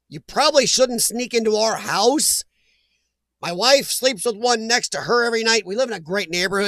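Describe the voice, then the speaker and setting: A blunt, opinionated man hosts a casual livestream and reads out viewer comments. His voice sits high with a gravelly edge. The sound is dry and close to the mic. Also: a bit bright, no room sound. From Midwestern US. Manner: blunt, opinionated, laughs easily. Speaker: livestream host. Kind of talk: casual live chat reading comments.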